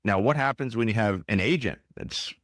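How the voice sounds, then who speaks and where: A man hosting a podcast interview, telling lively anecdotes in a casual way. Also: on the low side, normal speed, no echo, clean studio sound. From United States. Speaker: podcast host.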